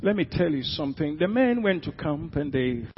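A man with a Ghanaian accent, a pastor preaching a sermon who swings from quiet asides to loud, drawn-out emphasis. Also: a little high, very animated, slight background noise. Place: church hall. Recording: echoey hall, dull lo-fi sound.

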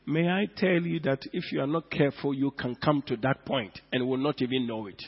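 A man preaching a sermon in a church, swinging from hushed lines to loud ones and drawing out words for emphasis. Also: mid-range voice, a little fast, breathy edge. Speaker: pastor. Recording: dull lo-fi sound with long hall reverb.

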